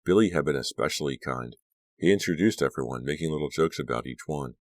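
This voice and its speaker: A man reading a horror audiobook aloud in a steady storytelling manner, close to the mic. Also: extremely low pitch, brisk, no echo. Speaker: audiobook narrator. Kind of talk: scripted narration.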